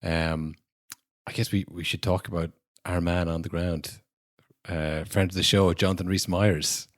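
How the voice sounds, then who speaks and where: A man's voice: low-pitched, little pitch movement, unhurried, no room sound, studio quality. A young man co-hosting a podcast in casual chat, rambling with many "you know"s and acting out short exaggerated bits. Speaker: podcast co-host.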